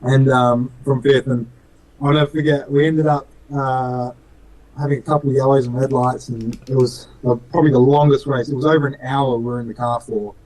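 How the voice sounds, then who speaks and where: A man's voice: medium pitch, steady tone, a little fast, a little mellow, poor audio. A young man with an Australian accent, telling racing stories in a casual interview in an earnest, rambling way, full of fillers. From Western Australia. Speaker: racing driver guest.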